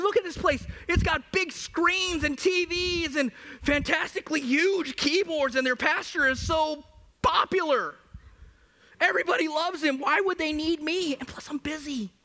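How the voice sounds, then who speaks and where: A man's voice: very high-pitched, moderate pace, sharp tone, pitched above the performer's own voice. A man voicing a busy churchgoer who whines through a list of excuses. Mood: whining. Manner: whiny, self-justifying.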